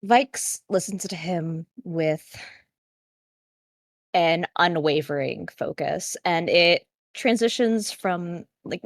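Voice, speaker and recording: A woman's voice: lowish voice, no echo, studio quality. A woman narrating her character's actions in a tabletop game in a chatty, loose way with lots of fillers.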